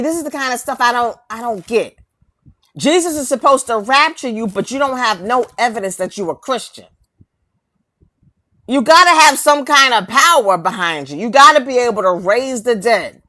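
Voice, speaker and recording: A woman's voice: a little high, expressive, moderate pace, bright, forceful tone. A woman delivering a confrontational, preachy rant to camera, mocking her targets and firing off rhetorical questions and repeated lines.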